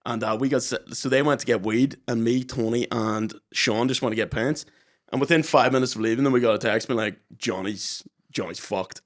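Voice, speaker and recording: A man's voice: mid-range voice, brisk. A young man co-hosting a podcast, telling rambling, sweary stories and acting out what others said. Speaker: podcast co-host. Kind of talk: casual chat.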